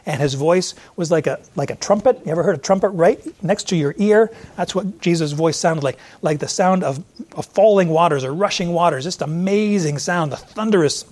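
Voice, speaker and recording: Animated preaching man, higher voice. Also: moderate pace. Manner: animated, acts out voices in quotes. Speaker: pastor. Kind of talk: sermon.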